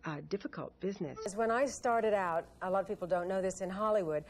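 A woman's voice: mid-range voice, fast talker. An older woman in a casual interview, telling stories and acting out past conversations. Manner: animated storytelling, acts out past dialogue.

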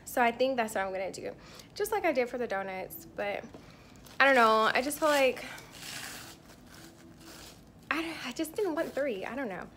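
A woman's voice: on the high side, animated, moderate pace, long pauses, fairly bright tone, slight background noise. A woman vlogging her trip, talking casually to the camera and tasting food as she goes. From not from Hawaii. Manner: chatty and candid, tasting food between remarks. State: irritated and tired. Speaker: travel vlogger. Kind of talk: casual vlog talk to camera. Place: indoors, hotel room and on the go.

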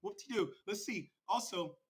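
Hoarse, high-pitched man ranting on a stream. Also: lively intonation, normal speed. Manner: mocking, confrontational; high-strung. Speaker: crypto livestream host. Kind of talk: livestream rant.

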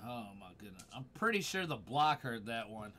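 A man with a mid-range voice streams a horror game live, swearing freely, startling easily and talking back to his chat. His pitch swings widely at a moderate pace, and his tone is sharp. Game music plays under slight background noise.

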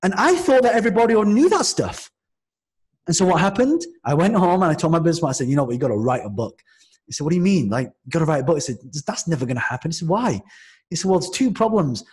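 Animated man from Manchester, slightly high voice. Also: very fast. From Manchester, England. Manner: lively, with frequent restarts and acted-out quotes. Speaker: podcast guest, entrepreneur. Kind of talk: animated storytelling in casual conversation.

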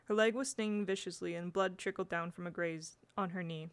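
A woman's voice: on the low side, steady tone, a little fast, clean tone. Woman reading a storybook aloud. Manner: unpolished, occasional slips and restarts. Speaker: audiobook reader. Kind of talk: storybook narration.

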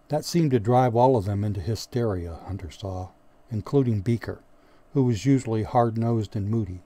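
A male audiobook narrator reading a story in a steady, measured way. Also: on the low side. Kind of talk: scripted narration.

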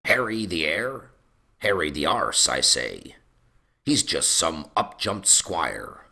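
A man doing a loyal, gruff knight who talks bluntly with open scorn. His voice is gravelly and loud, raised above the reader's usual deep pitch. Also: very animated, takes it slowly, exaggerated voice. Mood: scornful.

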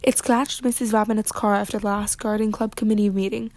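A woman's voice: mid-range voice, little pitch movement, brisk, darkish tone, close to an everyday voice. A woman voicing a snooty, impatient rich woman who owns a grand garden, speaking sharply. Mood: imperious.

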